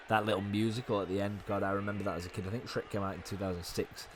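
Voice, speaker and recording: A young man with a hoarse, fading voice, giving fast, chatty commentary on a wrestling video game. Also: on the low side, steady tone, a little hiss or hum. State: hoarse, losing his voice. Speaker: gaming YouTuber.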